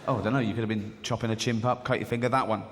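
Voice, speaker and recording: A man's voice: fairly low pitch, steady tone, very fast, very noisy. An English man in his forties doing stand-up comedy, joking and swearing freely while acting out characters in mock voices. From England. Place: large theatre stage. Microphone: stage mic. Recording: live theatre with long hall reverb. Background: audience laughter.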